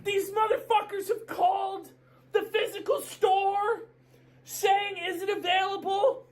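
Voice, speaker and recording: A woman ranting in a commentary video, shouting in profane mock outrage. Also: extremely high pitch, flat delivery, measured pace.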